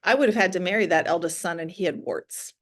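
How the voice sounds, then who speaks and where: A woman's voice: lowish voice, quick pace, a bit bright. A woman reading aloud, voicing a matter-of-fact young princess. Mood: blunt. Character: blunt, practical young princess.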